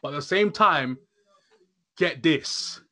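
Male podcaster, bright and lively, recapping an episode in loose chat. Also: a little high, slow. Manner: animated, laughs often, says "literally" a lot. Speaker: podcast host reviewing a horror episode. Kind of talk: casual chat.

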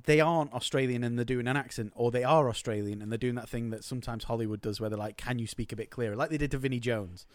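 A man trading sarcastic jokes on a casual film podcast. He speaks at an ordinary pitch. His voice is recorded close and dry. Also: fast talker, hardly any pauses, no room sound. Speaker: podcast co-host.

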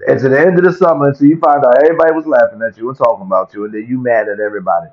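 Captured in dull lo-fi audio, a man with a mid-range voice fires off a rapid, comedic rant to camera for his vlog. He's animated and profane, repeating himself for effect.

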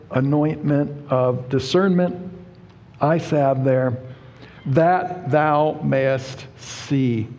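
A man preaching a sermon, explaining Bible verses word by word in a deliberate, emphatic way. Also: fairly high pitch, gravelly, darkish tone. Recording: reverberant hall.

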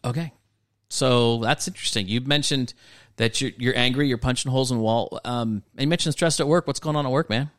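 A man co-hosting a casual faith podcast, explaining thoughtfully and asking gentle, probing counseling questions, at times poking fun at himself. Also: medium pitch, a little fast, no room sound, studio quality.

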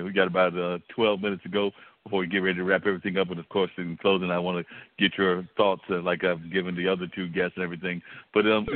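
Low-voiced radio host guy, talks fast, rambly questions with lots of uhs, dry tinny sound. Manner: rambling, filler-laden questions. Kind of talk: hosting a radio interview.

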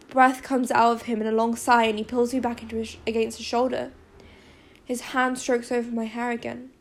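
A woman reading a first-person audiobook narration in a measured, even way. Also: on the high side, vocal fry.

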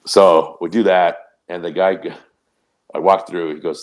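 A man with a very low, deep voice tells a loose, rambling story on a podcast. He swears freely and keeps the tone casual and animated, with a lot of asides. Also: brisk. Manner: rambling, profane, animated anecdote. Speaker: podcast co-host.

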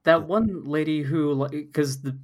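A man's voice: fairly high pitch, a little slow. A man co-hosting a casual podcast chat who rants with sarcasm and swears a lot. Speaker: podcast co-host.

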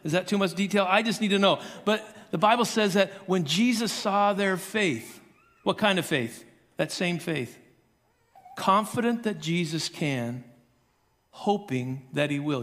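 A man preaching a sermon, telling the story in an animated way and acting out the voices of the characters. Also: high voice, long reverb tail. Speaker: pastor.

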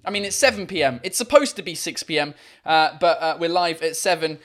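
A man hosting a casual live show from home on a microphone, chatty and rambling with lots of fillers, excitable and casually swearing. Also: fairly high pitch, fairly quick. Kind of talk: casual chat.

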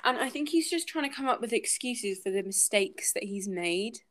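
A woman's voice: fairly high pitch, expressive, normal speed, a bit bright. A woman hosting a casual book-club podcast, thinking aloud and hesitating with many fillers as she talks through a chapter.

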